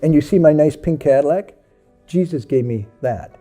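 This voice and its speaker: A man's voice: on the high side, expressive, normal speed, mellow, soft background music. A man voicing a smug, wealthy, devout woman as he retells her boasting. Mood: boastful.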